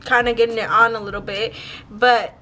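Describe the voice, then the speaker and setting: High, bright young woman rambling a story. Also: steady tone, a little fast, faint music behind. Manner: rambling, profane, heavy use of "like". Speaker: vlogger. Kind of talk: casual storytime vlog.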